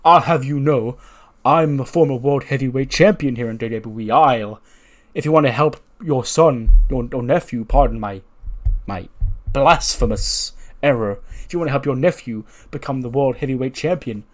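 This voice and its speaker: A man's voice: mid-range voice, moderate pace, natural voice. A man voicing a proud, formal former champion wrestler in a wrestling game playthrough. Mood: haughty. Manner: haughty and formal.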